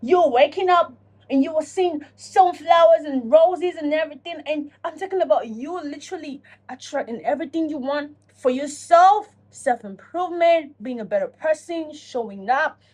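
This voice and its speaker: A woman talking casually to camera in a self-reflection vlog, animated and profane, acting out her own inner dialogue. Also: high voice, moderate pace. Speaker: vlogger.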